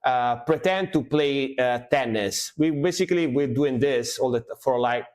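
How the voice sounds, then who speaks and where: A man's voice: medium pitch, moderate pace, a little mellow. Chatty man reacting to metal. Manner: chatty, laughs often, repeats phrases. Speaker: music reaction streamer. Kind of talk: casual live reaction chat.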